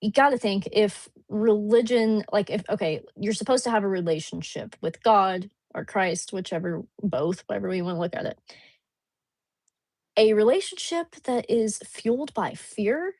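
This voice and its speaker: A woman's voice: medium pitch, normal speed, a little mellow, no echo. A woman in casual conversation, making her points earnestly and with emphasis. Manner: earnest and emphatic, building an argument. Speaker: co-host in a conversation. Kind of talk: casual chat.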